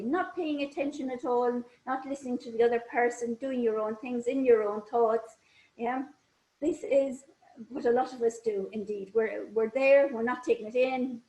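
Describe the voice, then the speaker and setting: A woman's voice: fairly high pitch, a little mellow. A woman giving a parenting workshop online, talking straight to her audience and asking them questions. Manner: engaging, addresses audience with questions. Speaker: parenting trainer. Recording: echoey room.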